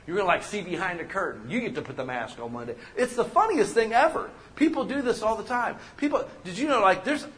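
A man preaching a sermon as pastor, animated and joking, acting out the people he quotes. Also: high voice, quick pace, hardly any pauses.

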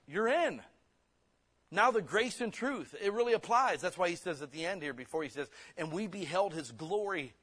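A man preaching a sermon, blunt and forceful, slipping into quick mimicked excuses. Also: high voice.

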